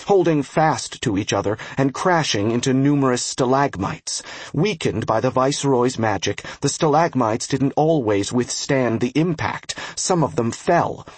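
A man narrating a fantasy game novel as an audiobook, with a steady, even storytelling delivery and a husky voice. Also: medium pitch, no echo. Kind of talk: scripted narration.

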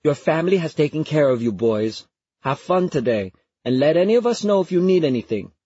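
A man doing a quick, kindly neighborhood mom. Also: a little high, big pitch swings, mellow, breathy edge, no room sound. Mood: reassuring. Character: kindly neighborhood mother, middle-aged woman. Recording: dry, slightly muffled recording.

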